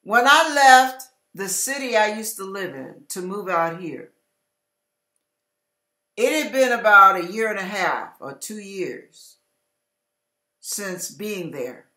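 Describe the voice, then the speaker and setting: A woman's voice: mid-range voice, expressive, slow, long pauses, sharp tone, roomy sound. A woman giving an emphatic, repetitive sermon-style Bible teaching, acting out everyday quarrels in quoted voices. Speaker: Christian teacher.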